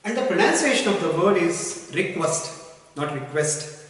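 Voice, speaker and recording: A man teaching a spoken lesson, repeating key words and examples slowly. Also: high voice, big pitch swings, a bit bright. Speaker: English teacher. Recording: echoey room, voice from far off.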